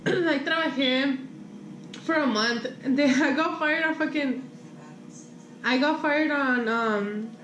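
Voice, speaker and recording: A woman's voice: high-pitched, slow pace, pauses often, echoey room, a little hiss or hum, poor audio. A young woman telling a casual storytime. She swears freely, switches between English and Spanish, and acts out what people said. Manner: animated retelling with quoted dialogue. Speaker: vlogger.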